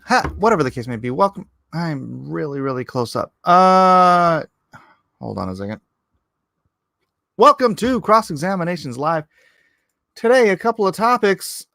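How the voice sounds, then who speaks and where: A middle-aged man runs a casual livestream from his home studio, rambling, cutting himself off, and joking while he fiddles with his camera setup. His mid-range voice is creaky with a fairly bright tone, and there's no room sound.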